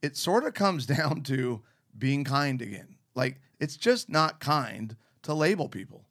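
A man's voice: medium pitch, expressive, a little slow, fairly bright tone. A man co-hosting a podcast, telling stories in a playful, joking way. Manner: playful, jokey storyteller. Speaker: podcast co-host. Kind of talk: casual chat.

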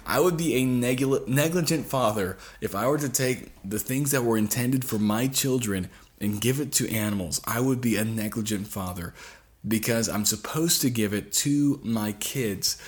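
A man's voice: medium pitch, moderate pace. A man, a father, preaching a sermon in an earnest, pleading way, repeating phrases for weight.

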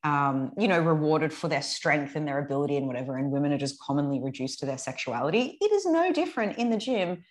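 A woman's voice: low-pitched, big pitch swings, quick pace, hardly any pauses. A woman in her thirties co-hosting a podcast, talking frankly, laughing often and swearing freely. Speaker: podcast co-host, fitness coach. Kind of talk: casual chat.

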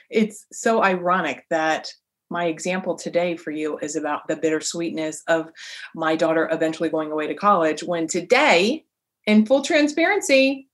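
Animated woman hosting a motivational podcast. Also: mid-range voice. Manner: animated, emphatic, chatty. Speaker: podcast host, coach.

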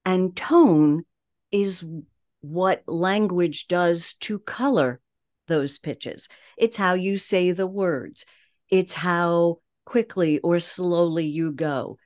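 A woman with a Long Island accent speaks in a fairly low voice as a voice coach on a podcast. She talks at a measured cadence and leans on deliberate pauses. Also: a little mellow. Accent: Long Island New York. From Long Island, New York. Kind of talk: podcast interview.

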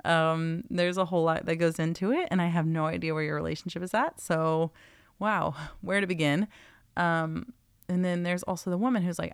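A woman's voice: lowish voice, fairly even intonation, moderate pace, smooth, dry recording. A woman hosting a podcast in a casual, earnest and encouraging way, her voice close to giving out. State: nearly losing her voice. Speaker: podcast host.

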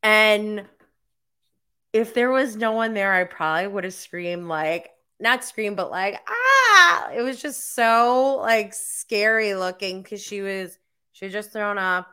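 A woman's voice: mid-range voice, a little slow, a bit bright, clean tone. A woman in her forties telling a story to camera in a casual, chatty way, filling her sentences with "like". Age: 40s. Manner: chatty, filler-heavy storytelling with frequent "like". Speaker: mom vlogger. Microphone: camera mic.

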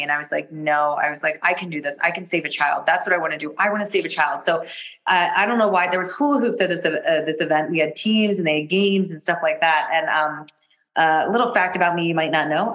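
Animated woman guest with a low voice. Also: low-quality recording. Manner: animated, laughs often, jumps into quoted voices. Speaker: podcast guest, energy healer. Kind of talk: casual storytelling interview.

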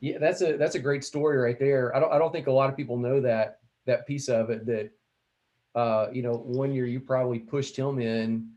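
A man's voice: mid-range voice, fairly even intonation, moderate pace, a little mellow. A man hosting a casual interview, affirming his guest and chiming in.

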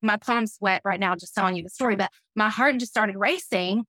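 A middle-aged woman, a business leader appearing as a podcast guest, shares a personal story earnestly and with feeling, laughing now and then. Her mid-range voice is a bit fast, pushed, and bright, recorded dry.

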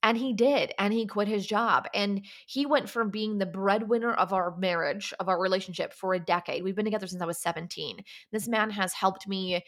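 Young adult woman, podcast host, candid and confessional solo talk, mid-pitched, loose and chatty. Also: normal speed, few pauses, fairly bright tone. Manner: candid, confessional, with frequent "like" and restarts.

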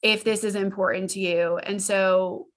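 A woman's voice: mid-range voice, steady tone, normal speed. A young woman on a podcast, chatting casually about her experience as a patient, laughing often and filling her talk with "like.". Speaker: physical therapist and former patient, podcast guest. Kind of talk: casual chat.

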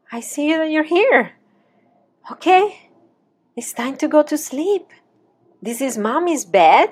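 A worn-out mother at night, talking herself steady and then speaking softly to her son, with a woman coach playing the part. Her voice stays gentle and a touch high. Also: husky, exaggerated voice. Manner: soft, soothing, self-calming. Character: tired mother soothing her little son.

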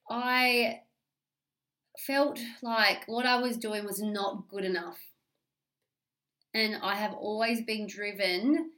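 An Australian woman talking openly and at length in a solo podcast, confessional and animated, swearing freely and rambling with restarts. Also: medium pitch. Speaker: podcast host. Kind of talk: candid solo podcast monologue.

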